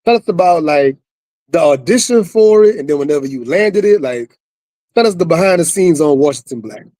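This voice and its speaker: A man's voice: a little high, animated, a little fast, dark tone, no echo, clean studio sound. A man hosting a podcast, thanking his guest and asking questions in a friendly, eager way. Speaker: podcast host. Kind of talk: casual interview.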